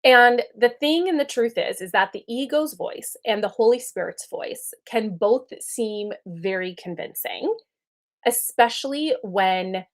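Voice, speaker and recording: A woman in her thirties giving an earnest, conversational spiritual teaching talk. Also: mid-range voice. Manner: earnest, conversational, checks in with "right?".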